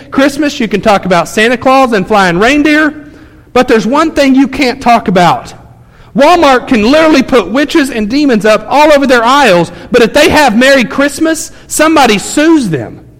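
High-voiced preacher in a reverberant church. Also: male voice. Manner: emphatic, conversational storytelling. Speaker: pastor. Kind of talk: sermon. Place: church sanctuary. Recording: long church hall reverb.

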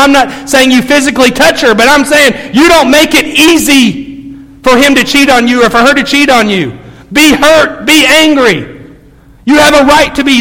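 A male pastor preaching a sermon, moving from quiet low asides to loud, forceful exhortation. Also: long reverb tail.

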